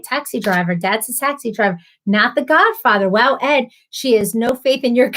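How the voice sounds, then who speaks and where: A woman hosting a casual live stream, chatting and laughing as she answers viewers by name. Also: a little high. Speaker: livestream host.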